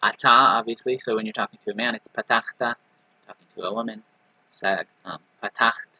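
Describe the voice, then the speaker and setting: A man with a bright, forward, slightly husky voice teaches a language lesson in a patient, repetitive way. He checks in often with "right?" and "okay." The recording is dry and a little dull. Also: lowish voice, steady tone, dry recording. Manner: patient, repeats example words slowly with many "right?" and "okay". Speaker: Hebrew teacher.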